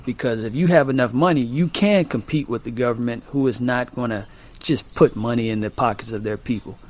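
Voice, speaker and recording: A man's voice: medium pitch, fairly quick. A man co-hosting a talk radio show, arguing his point and repeating himself to break in. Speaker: radio co-host. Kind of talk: casual talk radio debate.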